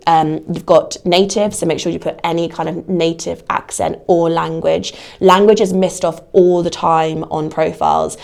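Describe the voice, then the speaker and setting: A woman's voice: low voice, vocal fry, a little mellow. A woman giving career advice in a podcast interview, talking conversationally with lots of "you know". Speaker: guest, casting platform adviser.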